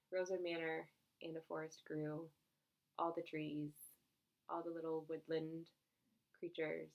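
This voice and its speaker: Giggly woman with a gravelly low voice. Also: fairly bright tone. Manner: chatty and giggly, rambling with fillers. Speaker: cross-stitch vlogger. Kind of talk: casual chat.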